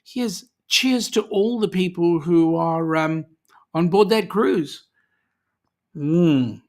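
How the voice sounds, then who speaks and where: A host with an Australian accent chats through a casual livestream at a mid pitch, joking with viewers and filling pauses with ums. The talk is loose and friendly, full of small restarts. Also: a little mellow. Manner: chatty and jokey, many ums and restarts. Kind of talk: casual livestream chat, reading viewer comments.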